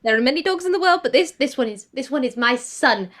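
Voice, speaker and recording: A woman's voice: high voice, fast talker. Woman playing a gushing furry toon mom. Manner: gushing, excitable, baby-talk cooing. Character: doting furry toon mother creature. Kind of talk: in-character role-play.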